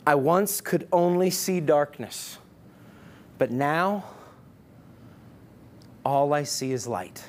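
Once-blind man, snarky and bold, high pushy voice done by a pastor. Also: animated, slow, pauses often, a little hiss or hum. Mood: humble. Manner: bold, incredulous, rising emphasis. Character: sarcastic plain-spoken formerly blind man.

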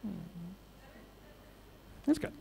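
A man's voice: drawn-out words, mellow, a little hiss or hum. A man speaking at a teachers' conference, telling jokes and asking the audience questions in a playful way. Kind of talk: joke-telling talk to an audience. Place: large conference hall. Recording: long reverb of a large hall.

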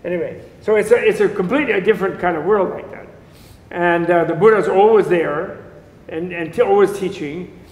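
A man's voice: high-pitched, brisk, a little mellow. A man teaching a class on Buddhism in a casual, digressive lecture, joking and chuckling as he goes. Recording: echoey lecture room.

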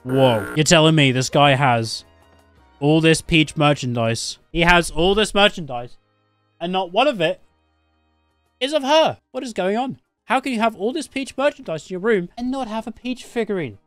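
A young man streaming a game live, excitable and foul-mouthed, reacting loudly and laughing often. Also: normal speed, no room sound, soft background music. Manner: excitable, swearing, laughing often, jumps up and down in pitch.

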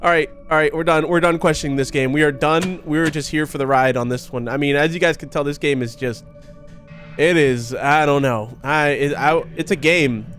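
A young man giving excitable, laughing commentary while playing a horror video game. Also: fairly high pitch. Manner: excitable, laughing, talks to himself and the viewers. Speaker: gaming YouTuber.

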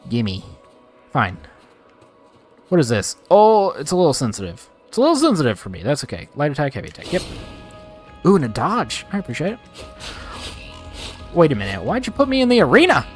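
Man, gameplay commentary, animated voice, excitable, faint game music behind. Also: mid-range voice, normal speed, pauses often. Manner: excitable, talks straight to viewers, rants playfully. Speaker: gaming video creator. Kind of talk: let's play commentary.

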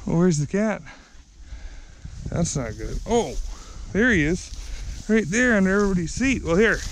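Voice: lively intonation, normal speed, slight background noise. Sing-song dog owner calling pets outdoors. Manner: coaxing, sing-song calls to dogs, high baby-talk. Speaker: pet owner filming a dog walk. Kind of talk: casual vlog talk to pets. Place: outdoors, field and trail. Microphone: action camera worn while out with the dogs.

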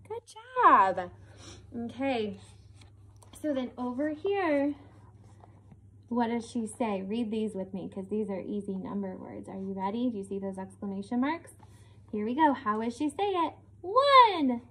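A young woman teaches a reading lesson to small children, sounding expressive and encouraging as she checks in with little questions. Her voice is a little high with a breathy edge.

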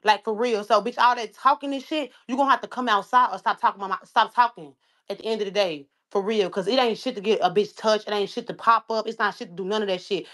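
A woman's voice: medium pitch, fairly bright tone. A woman rapper delivering an angry, profane, confrontational livestream rant, repeating herself as she goes.

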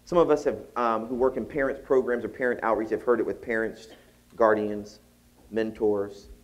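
A man giving a storytelling keynote at a conference, acting out the people in his story and rising to high exclaims. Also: moderate pace. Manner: animated, acts out voices, rises to high exclaims. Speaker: keynote speaker. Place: conference hall.

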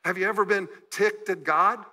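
A man's voice: high voice, steady tone, moderate pace, bright, forceful tone, poor audio. A man preaching a sermon as a guest pastor in a church, talking conversationally and acting out the emotional words of the people in his story. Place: church sanctuary.

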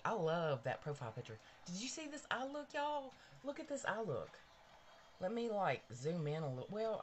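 Her voice is deep, with a bit of hiss or hum on the recording. She's a livestream host chatting bubbly and casually from her bedroom, greeting viewers by name.

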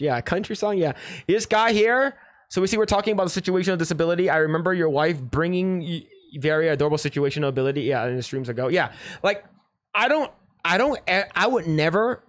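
A man's voice: a little high, dry recording. A man hosting a livestream, talking casually and rambling, repeating himself and reading chat comments aloud. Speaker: livestream host.

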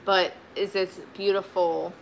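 A woman's voice: medium pitch, little pitch movement, measured pace, gravelly, slight background noise. A woman chatting casually as she shows off her vintage finds, rambling with plenty of fillers and restarts. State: sweaty, warm. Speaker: vintage reseller. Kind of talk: casual haul video chat.

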